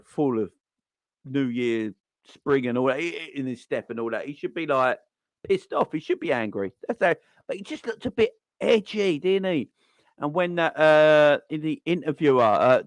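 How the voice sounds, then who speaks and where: A man hosting a casual fan live stream, rambling and excitable, full of slang and shout-outs. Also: medium pitch, no echo. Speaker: fan channel host.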